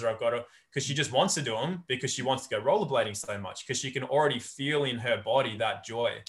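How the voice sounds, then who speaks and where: A male guest on a podcast talks in a relaxed, reflective way and often tells anecdotes. He coaches people and speaks conversationally at a middle pitch. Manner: storytelling, reflective.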